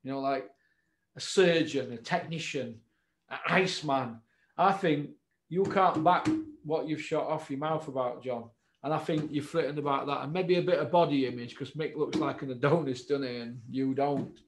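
A man's voice: medium pitch, moderate pace, echoey room, a little hiss or hum. A man with a Yorkshire accent, from Doncaster, hosting a boxing channel and speaking straight to camera in a confrontational, taunting way. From Doncaster, England. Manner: confrontational, taunting, repeats the name he addresses. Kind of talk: direct-to-camera challenge monologue.

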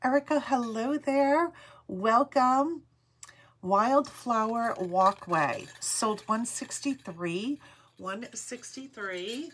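A woman's voice: a little high, takes it slowly, a bit bright, husky. A middle-aged woman with a Rhode Island accent, hosting a live jewelry sale stream and chatting casually, greeting viewers by name and repeating item numbers. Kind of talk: live-stream sales chat.

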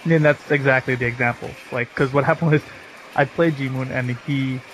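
A man's voice: medium pitch, fairly even intonation, fairly quick, fairly bright tone, slight background noise, low-quality recording. A man co-hosting a casual chat, laid-back and laughing easily. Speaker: co-host. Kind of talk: casual chat over match footage.

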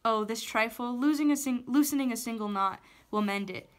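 A woman's voice: a little high, a little fast, lightly acted. Woman reading a haughty, coaxing witch for a storybook. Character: wounded scheming witch, woman.

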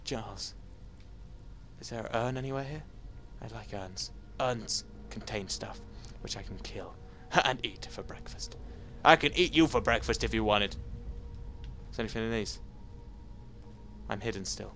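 A man giving casual, jumpy let's-play commentary, talking to enemies and reacting out loud. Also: fairly low pitch, moderate pace, long pauses, a little hiss or hum. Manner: jumpy, excitable, talks to enemies. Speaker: gameplay commentator.

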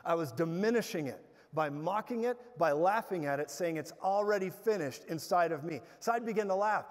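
High-voiced man preaching in a hall. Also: a little fast, few pauses. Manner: animated storytelling with bursts of loud laughter. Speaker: guest preacher. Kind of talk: sermon. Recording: hall reverb.

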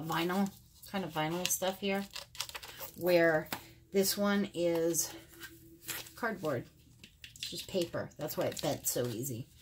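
A middle-aged woman talks casually to her viewers at home, comparing makeup in a rambling, filler-heavy way. Her voice sits on the low side for a woman. A faint hiss runs underneath. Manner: chatty, rambling, many fillers. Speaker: beauty vlogger. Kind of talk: casual makeup review to camera. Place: home filming room.

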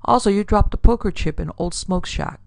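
A woman voicing a calm, amiable male detective who lays out his accusations in a casual, even tone. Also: mid-range voice, fairly quick, creaky, no echo, clean studio sound, close to an everyday voice. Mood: calmly accusing.

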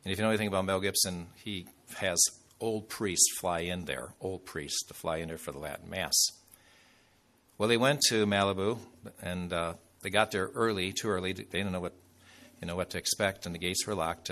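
A man's voice: low-pitched, normal speed, a bit bright. A man preaching a sermon as a bishop, telling a story in a loose, conversational way with fillers and asides.

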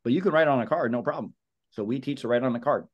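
The recording is muffled, but a fast-talking man with a mid-range voice can be heard training real estate agents at a team meeting. He stays casual and energetic, repeats points, acts out sample calls, and uses "guys" and "brother."

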